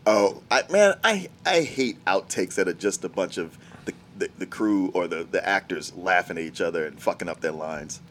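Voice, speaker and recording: A man's voice: deep voice, animated, normal speed, fairly bright tone. A man co-hosting a casual movie chat, stammering and laughing as he talks. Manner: stammers and laughs while talking. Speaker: co-host.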